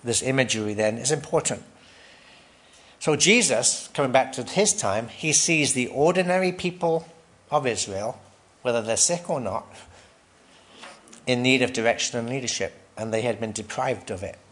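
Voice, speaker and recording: A man's voice: mid-range voice, lively intonation, normal speed, fairly bright tone. A man preaching a sermon in a conversational way, asking the congregation questions, tagging "right?" onto his points and laughing lightly between phrases.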